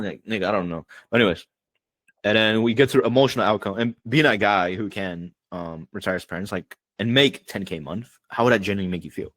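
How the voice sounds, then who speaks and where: A man talks fast and loose as a sales coach on a video call, with a slightly low voice. His speech is slangy and profane, stuffed with "like" and "bro." The sound is dry and close. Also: fairly bright tone, no room sound. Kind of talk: casual online training call.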